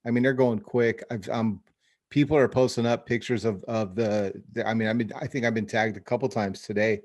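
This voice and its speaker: A man's voice: lowish voice, steady tone, brisk, darkish tone. Rambling casual male podcast host. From Phoenix area, US. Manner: rambling, many restarts, says dude and bro. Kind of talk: casual chat over video call.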